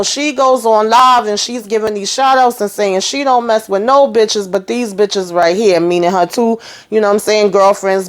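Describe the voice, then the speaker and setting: A woman recapping a TV episode in a casual, emphatic way, tagging her sentences with "you know" and "okay". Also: mid-range voice. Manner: chatty, emphatic, acts out characters' lines. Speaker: TV recap host.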